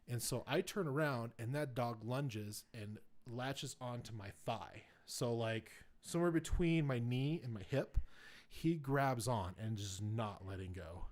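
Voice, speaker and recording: A man's voice: mid-range voice, unhurried, hardly any pauses. Man telling a rambling story. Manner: rambling, filler-heavy, grows louder and excited retelling events. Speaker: podcast host. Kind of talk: casual storytelling chat.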